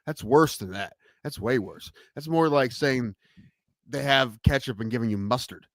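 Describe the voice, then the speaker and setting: A man co-hosting a casual comedy podcast, ranting with swearing and restarts, swinging between loud outbursts and mutters. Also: medium pitch, moderate pace, no echo. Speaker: podcast co-host.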